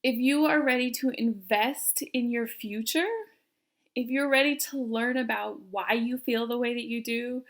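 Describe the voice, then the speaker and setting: A woman's voice: fairly high pitch, fairly even intonation, measured pace. A young woman coaching viewers in a self-help video, talking earnestly and asking them questions. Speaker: personality coach. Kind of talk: direct-to-camera self-help talk.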